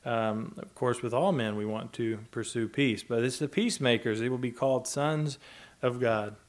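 A man preaching a sermon in a gentle, conversational way, chuckling often as he talks. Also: medium pitch, normal speed. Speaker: pastor.

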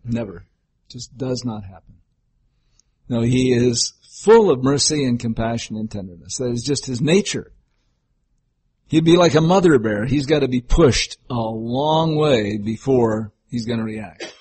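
Older guy preaching, husky voice, folksy stories, slips into little acted voices. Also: mid-range voice, a little slow, a little mellow. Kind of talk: sermon.

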